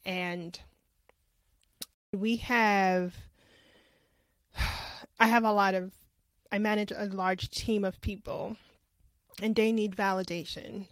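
A woman's voice: medium pitch, steady tone, slow, pauses often, no echo. A woman hosting a podcast in a casual interview, reflective and repeating words for emphasis. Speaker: podcast host.

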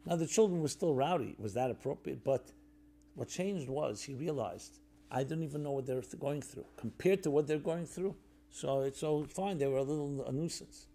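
Speaking at a moderate pace, a man gives a thoughtful talk in the style of a sermon, using fillers and starting over now and then. His voice turns soft and low during the stories he tells.

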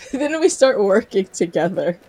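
A woman's voice: medium pitch, measured pace, breathy edge. A young woman from South Carolina in casual chat, telling a story with acted-out quotes and frequent laughter. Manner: animated storyteller, acts out quotes, laughs often.

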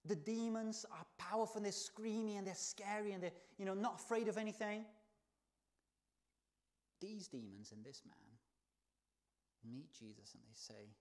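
A man preaching a sermon in a church, telling the story with lively swings between soft, hushed lines and loud exclaims. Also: sits high, normal speed, long pauses. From not from the country where he preaches.

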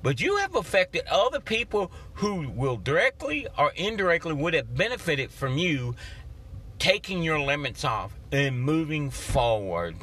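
This is a man giving an energetic motivational talk on his podcast. His voice is a little high for a man and bright, and he moves through it with big swings in pitch. He coaches like a folksy preacher. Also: a little slow, husky. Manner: energetic, animated, acts out his own inner voices. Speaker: podcast host.

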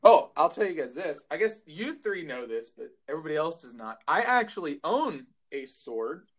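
A man from Texas trades jokes in relaxed podcast banter. His voice sits a bit high and swings widely in pitch. He laughs easily and talks playfully. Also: normal speed. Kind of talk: casual chat.

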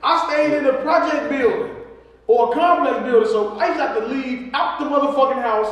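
A high-voiced man tells family stories in a loose, profane chat and acts out the other people's lines as he talks. He sits far from the mic in a very echoey room with a long reverb tail. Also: fairly quick. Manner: profane, animated storyteller acting out quotes. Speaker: podcast co-host. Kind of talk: casual storytelling chat.

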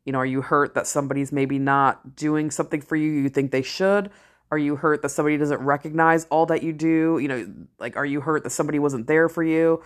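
A middle-aged woman talking straight to camera in a casual vlog, blunt and candid, swearing freely and slowing down to stress key phrases. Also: sits low, fairly even intonation. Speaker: vlogger, parent and ER worker. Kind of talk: casual talking-head commentary.

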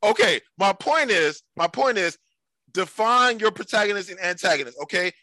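A man's voice: sits high, expressive, moderate pace, pushed and bright, dry recording, poor audio. A man co-hosting a podcast, arguing animatedly in casual chat and repeating himself to make his point. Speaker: podcast co-host.

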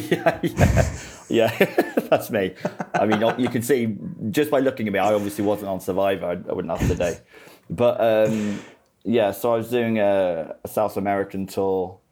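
A man from England with a faded Grimsby, Lincolnshire accent appears as a guest in a casual podcast chat, laid-back and poking fun at himself. His voice is lowish and a little mellow, at a normal speed.

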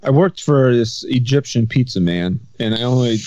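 Man, podcast host, rambling storyteller, casual chat, mid pitch, muffled dry recording. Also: dark tone, no room sound. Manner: rambling storyteller, quick, self-interrupting. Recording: slightly dull sound.

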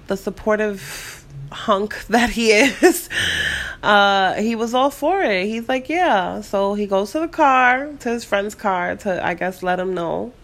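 A young woman with a New York City accent, rambling through a story in a casual, animated way and swearing freely. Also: mid-range voice, slow pace. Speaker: vlogger.

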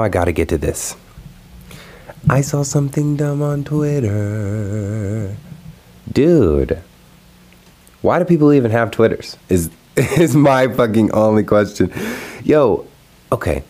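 A young man hosting his own video, ranting casually and profanely about something that annoyed him online. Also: sits low. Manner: profane, exasperated, animated ranting. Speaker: video host. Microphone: recorded alone at home.

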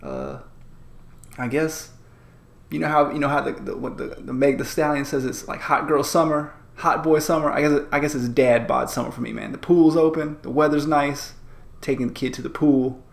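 A man's voice: a little high, moderate pace, creaky, roomy sound. A man in his thirties, a podcast co-host chatting casually in a laid-back, rambling way. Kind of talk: casual chat.

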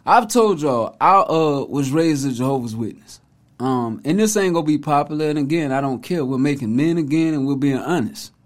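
A man's voice: fairly high pitch, expressive, moderate pace. A man hosting a casual commentary video, talking in an emphatic, preachy, conversational way. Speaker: host, commentator.

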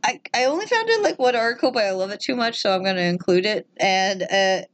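A woman's voice: medium pitch, expressive, fast. A woman co-hosting a casual chat, presenting fun facts in a chatty, restarting way. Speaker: podcast co-host presenting facts.

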